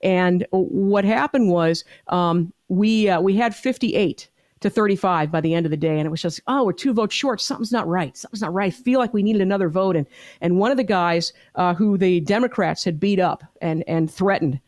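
A woman's voice: lowish voice, moderate pace, darkish tone, no room sound, clean studio sound. Fervent, emphatic middle-aged woman activist. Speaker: pro-life activist guest. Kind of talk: interview storytelling.

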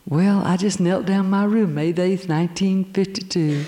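Older woman, lively testimony speaker, voice ringing through a big hall. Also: lowish voice, moderate pace. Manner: animated storyteller acting out voices. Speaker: speaker giving her testimony. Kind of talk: storytelling testimony to an audience. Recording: long hall reverb.

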